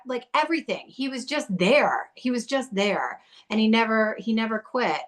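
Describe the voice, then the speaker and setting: A woman's voice: fairly high pitch, lively intonation, normal speed. A woman speaking as a podcast guest, telling her recovery story in a blunt, fiery way full of swearing.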